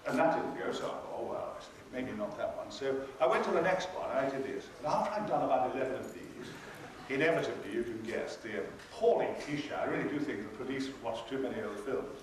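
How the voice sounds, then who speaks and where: An older man, a guest on a convention panel, tells a wry, theatrical anecdote and performs the other people's lines himself. His mid-range voice is animated and fast. Captured from far off in the audience, the convention hall sounds echoey and noisy.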